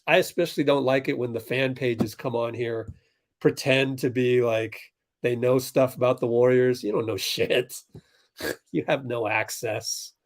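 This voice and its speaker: A man hosting a fan livestream, calling the game live and ranting back at viewers in chat, swinging between fired-up outbursts and low muttered play-by-play. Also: darkish tone. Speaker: livestream host.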